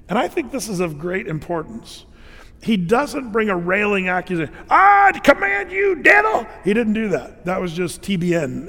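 Male pastor, high pitch, chatty sermon delivery, lots of fillers, reverberant church room. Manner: conversational, filler-heavy, animated emphasis.

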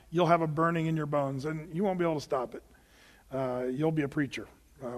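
A man's voice: fairly high pitch, fairly bright tone, big-room sound. A man preaching a conversational sermon, asking rhetorical questions and talking loosely with fillers. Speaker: pastor.

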